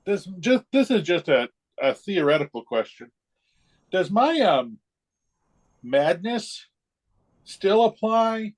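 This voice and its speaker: Enthusiastic player, a man with a lively voice. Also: high-pitched. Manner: enthusiastic, quick reactions. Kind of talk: casual game talk.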